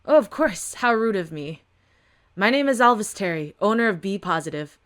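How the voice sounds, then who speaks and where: Courteous, knowing businessman, calm and measured, read by a woman. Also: high-pitched. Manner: polite, measured. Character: smooth male shop owner, polished and knowing.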